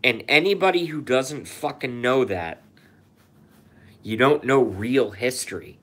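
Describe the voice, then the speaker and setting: Slow, furious ranting man. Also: medium pitch, expressive, fairly bright tone, slightly rough. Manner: furious, profane, repetitive ranting. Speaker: YouTube show host. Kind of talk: comedic conspiracy rant. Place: apartment. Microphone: phone.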